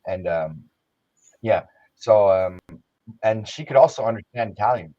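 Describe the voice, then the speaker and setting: A man's voice: lowish voice, lively intonation, a little slow, warm tone, muffled recording. A man from Quebec with a Québécois French-Canadian accent, chatting casually in a blunt, slangy way and slipping into French. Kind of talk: casual chat.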